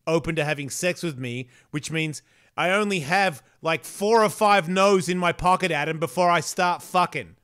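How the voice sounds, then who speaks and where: Man, podcast host, crude animated storytelling, high voice, smooth clear tone. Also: normal speed. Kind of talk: casual chat.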